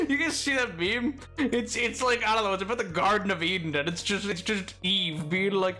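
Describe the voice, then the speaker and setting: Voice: medium pitch, lively intonation, normal speed, pushed and bright, soft background music. A streamer chatting casually while gaming, playful and rambling, joking with old-timey slang and fancy words. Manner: laughs often, rambles.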